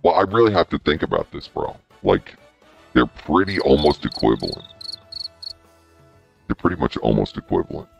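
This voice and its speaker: A man talking casually in a group voice call through a deep voice-changer filter, drawling and mock-deliberating. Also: very animated, normal speed, vocal fry, pauses often, dull audio, over music. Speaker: podcast co-host.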